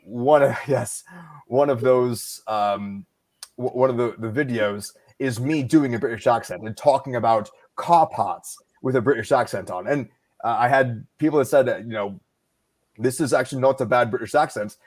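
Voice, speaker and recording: Male narrator guest, mid-pitched, casual, thinks aloud and restarts as he explains. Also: darkish tone. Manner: halting, thoughtful explainer. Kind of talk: casual conversation.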